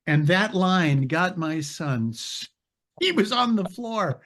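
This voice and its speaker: A man's voice: sits high, lively intonation, takes it slowly, a bit bright. An older man, an actor as interview guest, telling rambling stories, searching for names and laughing as he goes. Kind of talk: casual anecdotal storytelling.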